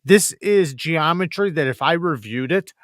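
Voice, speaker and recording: A man's voice: a little high, expressive, normal speed, a bit bright, no echo, clean studio sound. A man who reviews knives, a podcast guest in casual chat who rambles emphatically and restarts his sentences.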